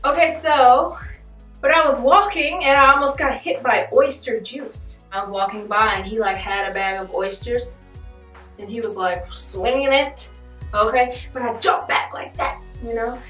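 A woman's voice: a little high, a little slow, a bit bright. A young woman vlogging in a casual, chatty way, full of joking asides and laughs. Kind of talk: casual vlog chat. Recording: echoey room, mic at a distance, faint music.

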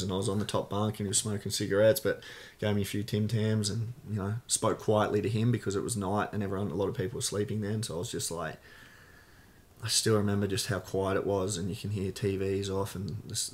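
A man's voice: on the low side, flat delivery, a little fast. A man with an Australian accent, a podcast guest telling a personal story in casual, candid talk with many fillers.

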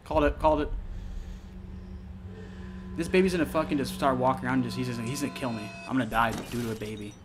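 Racing along with hardly any pauses, this let's play gamer's mid-range voice plays over music. The young man gives casual horror-game commentary, cursing freely and yelping whenever he gets spooked.

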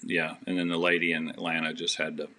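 A man's voice: deep voice, monotone, fast talker, sharp tone. A man who is a podcast guest, telling a personal story with faith at its heart in an earnest, rambling way, with many restarts.

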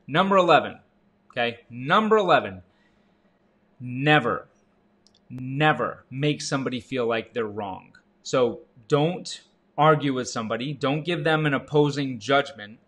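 A man in his thirties giving an energetic sales coaching talk, jumping up in pitch for emphasis and asking the listener questions. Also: a little slow. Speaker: real estate agent and sales coach. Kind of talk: motivational sales talk to camera.

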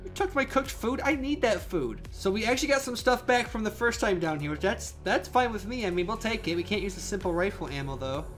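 A young man giving excitable live commentary on a survival game he is playing, with frequent outbursts and laughs. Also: high voice, brisk, few pauses. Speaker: gaming channel host. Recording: faint game music behind.

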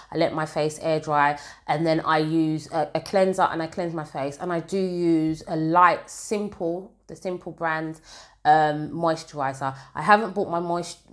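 A woman from the UK talks casually to camera as a beauty vlogger, her voice sitting low. She rambles in a chatty way, with plenty of fillers and side comments. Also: a bit bright. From United Kingdom.

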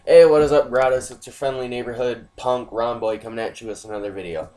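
A man's voice: mid-range voice, fairly even intonation, fast, warm tone. Swearing young-sounding guy hosting a playthrough. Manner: loose, profane and apologetic chatter. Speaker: gaming channel host. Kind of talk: casual gameplay commentary.

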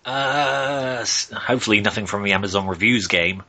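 A man co-hosting a podcast in casual chat, dry and deadpan with short replies. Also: on the low side, moderate pace. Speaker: podcast co-host. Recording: noisy recording.

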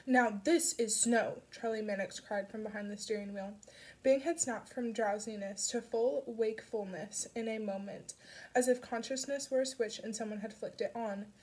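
A woman reading an audiobook aloud, narrating a dark story with soft shifts for the characters. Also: fairly high pitch, steady tone, normal speed. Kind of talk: scripted narration.

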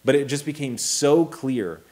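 A man in his thirties co-hosting a casual talk show, telling a story with animated energy, acting out quotes and swearing freely. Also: mid-range voice, unhurried. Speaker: co-host.

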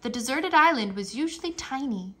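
A reader with a high-pitched voice goes through a children's nonfiction book aloud at a fairly quick pace. She uses an expressive storybook style, tossing in playful exclamations.

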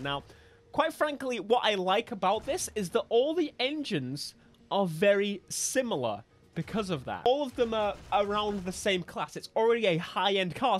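A young man giving casual, excitable gameplay commentary and laughing often. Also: high-pitched. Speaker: gaming video creator.

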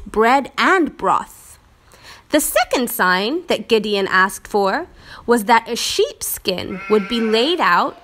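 A woman teaching a church lesson, telling a Bible story in a slow, expressive storytelling manner. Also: on the high side.

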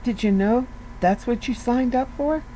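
A woman's voice: fairly high pitch, a little slow, dark tone, slight background noise, rough recording. A woman giving a casual devotional talk, conversational and earnest, asking her listeners rhetorical questions and often saying "you know". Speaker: devotional speaker.

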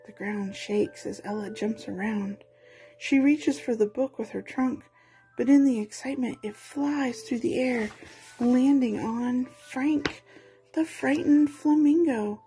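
A woman reading a children's storybook aloud in an expressive, playful way. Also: on the high side, a little slow, faint music behind, poor audio.

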